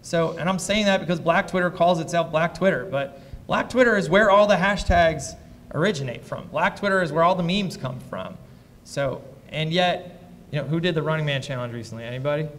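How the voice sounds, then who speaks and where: A man's voice: a little high, a little fast, hardly any pauses, long reverb tail, slight background noise. Blunt, profane man telling stories onstage. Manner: blunt and profane, lively anecdotes. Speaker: venture investor, fireside chat guest. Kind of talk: candid onstage storytelling. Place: live event before an audience.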